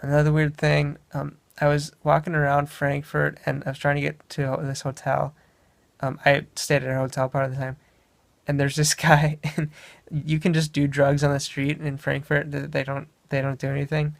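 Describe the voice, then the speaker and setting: Flat, gravelly young Midwestern man. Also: on the high side, normal speed, no echo. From Wisconsin, USA. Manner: meandering, self-correcting anecdote telling. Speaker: vlogger. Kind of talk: casual travel storytelling.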